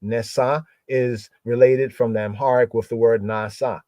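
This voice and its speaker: A man hosting a livestreamed bible word study, repeating key words slowly and often checking in with "right?". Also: mid-range voice, fairly even intonation, mellow, no room sound.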